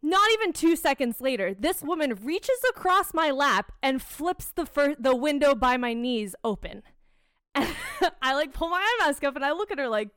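A woman's voice: high voice, moderate pace, no room sound, studio quality. A young woman telling an annoyed story in casual chat, swearing freely. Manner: swears a lot, animated storytelling.

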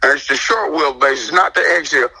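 A man telling an animated personal story as a guest, emphatic and indignant, acting out the dialogue. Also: on the high side, a little fast, slightly rough, low-quality recording.

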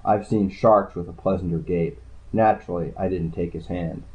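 Low-voiced man narrating hardboiled fiction. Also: steady tone, moderate pace. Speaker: audiobook narrator. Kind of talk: hardboiled first-person narration. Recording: tinny phone-like sound.

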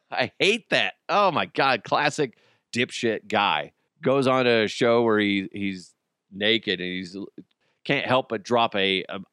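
A man's voice: fairly low pitch, lively intonation, slow, fairly bright tone, dry recording, studio quality. A man hosting a casual comedy podcast, mocking news stories with crude jokes and frequent laughter. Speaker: podcast host.

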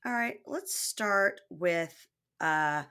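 This woman speaks low-ish and stretches her words out. She's co-hosting a podcast, casually recapping a reality show and animatedly acting out the people she quotes.

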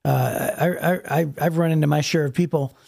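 A man's voice: a little high, steady tone, normal speed, gravelly, darkish tone. A man from Ohio, a pastor, telling stories in a casual chat with lots of restarts and repeated words. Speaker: pastor and podcast co-host.

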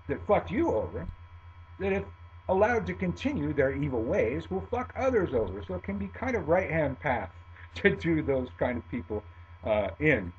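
A middle-aged man spins a profane personal tale, his voice fairly high and swooping through a lively range as he swings between loud bursts and low mutters. The recording sounds dull and lo-fi, with a faint hum underneath.

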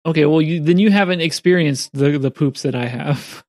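A man's voice: fairly high pitch, normal speed, darkish tone. A man and parent bantering casually, teasing his co-host and laughing along.

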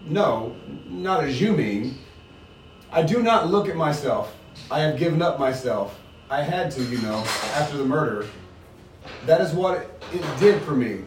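Man voicing a serene spirit, calm and even, mic at a distance in a roomy space. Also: on the high side, measured pace, noisy background.

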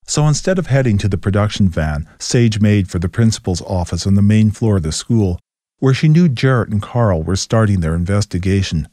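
A man reads a ghost story in a steady, measured way. His voice sits low with a mellow, dark tone. The recording is dry and close. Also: no room sound. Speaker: narrator. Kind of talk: scripted story narration.

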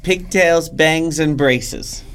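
A man's voice: fairly high pitch, drawn-out words, a bit bright, clear, resonant tone. Playful man co-hosting a film chat. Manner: playful, teasing, laughs easily. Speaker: podcast co-host.

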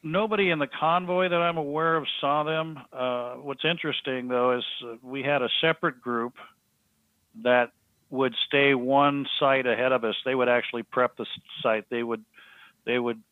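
A man, a podcast guest, telling a story in a halting, earnest way with many restarts. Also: mid-range voice, fairly even intonation, no room sound. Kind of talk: storytelling in an interview. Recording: thin phone-like line, dry.

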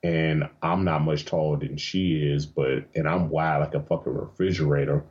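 A man being interviewed as a guest, chatting casually and telling lively, profane stories with plenty of laughter. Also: a bass voice, moderate pace, dull audio. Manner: animated, profane storytelling with frequent laughs. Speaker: interview guest, adult film performer. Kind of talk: casual chat.

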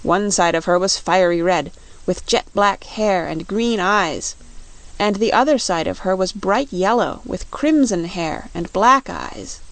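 A woman narrating a classic fantasy storybook, reading steadily and clearly. Her voice sits in an ordinary middle pitch. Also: a little slow, dry recording. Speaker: audiobook narrator.

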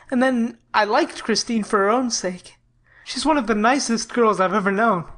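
A woman's voice: medium pitch, close to an everyday voice. A woman voicing an earnest young man in love, a student doctor, speaking tenderly in an audiobook. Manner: tender, heartfelt confiding. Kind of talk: audiobook character reading.

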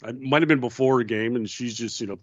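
A man co-hosting a casual talk show, telling lively anecdotes and acting out quotes. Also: mid-range voice, quick pace, no echo, muffled recording. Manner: animated storyteller, acts out quotes. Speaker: podcast co-host. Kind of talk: casual chat.

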